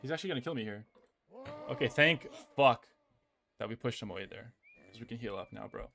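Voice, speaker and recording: Young aussie guy streaming a game, gravelly voice, rambles and swears, noisy mic. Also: fairly low pitch, lively intonation, rapid-fire. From Australia. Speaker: gaming streamer. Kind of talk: casual gameplay chat.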